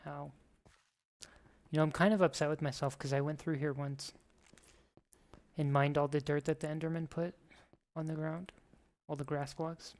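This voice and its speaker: This gaming streamer tells loose, jokey stories as he plays, talking at a moderate pace in a mid-range voice and pausing often. There's a constant hum of background noise.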